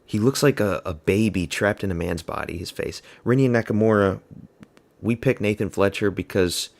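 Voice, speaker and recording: Gravelly low-voiced man, offhand. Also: moderate pace. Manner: blunt, rambling, offhand picks talk. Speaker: MMA fan host of a watch party stream. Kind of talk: casual live reaction commentary.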